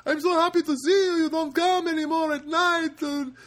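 A man's voice: extremely high pitch, steady tone, a little fast, voice pushed up. A man doing a gushing store clerk. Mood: overjoyed. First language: Filipino language. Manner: gushing, overjoyed, loud. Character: excited high-voiced male supermarket worker.

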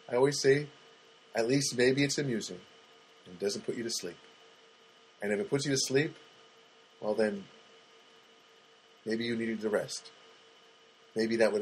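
Husky middle-aged man rambling comically. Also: medium pitch, low-quality recording. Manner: halting and rambling, with many fillers and restarts; dry, self-mocking. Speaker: podcast host. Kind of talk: rambling comedic monologue.

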